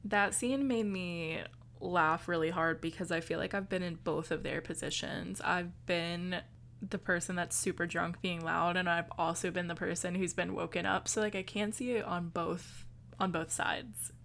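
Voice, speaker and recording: A woman's voice: lowish voice, fairly even intonation, moderate pace, vocal fry, fairly bright tone, a little hiss or hum. A woman co-hosting a podcast, chatting casually about a film, swearing freely and acting out quotes. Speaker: podcast co-host.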